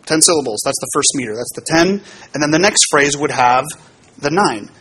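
A man, a pastor, giving a relaxed teaching talk to his congregation about how hymns are built, explaining with fillers and small asides. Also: on the high side, fairly quick, slightly rough.

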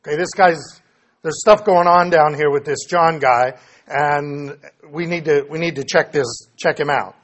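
A man with a slightly raised, husky voice leads a Bible study lesson. He reads scripture passages aloud and then explains them in plain terms, often catching and correcting his own slips. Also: a little high, unhurried, a bit bright. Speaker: Bible teacher.

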